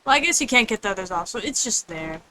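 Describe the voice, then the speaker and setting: A woman's voice: medium pitch, animated, quick pace, pushed and bright, a little hiss or hum, poor audio. A woman streaming a game, chatting casually in a rambling way and answering chat. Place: home room with others nearby.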